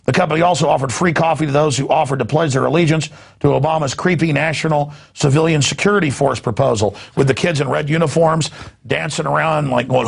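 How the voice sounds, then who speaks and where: A man's voice: fairly high pitch, a little fast, gravelly, slightly rough. A man hosting a news talk show, ranting with indignant sarcasm and repeating himself as he goes.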